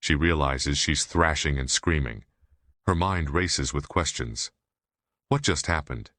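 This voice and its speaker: A man reading an audiobook aloud in a steady, measured narration. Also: very deep voice, dry recording. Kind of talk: scripted narration.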